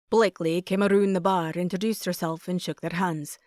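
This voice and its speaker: A woman narrating a romantic comedy audiobook in first person with steady, even storytelling. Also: fairly low pitch, a little fast, few pauses, no room sound, clean studio sound.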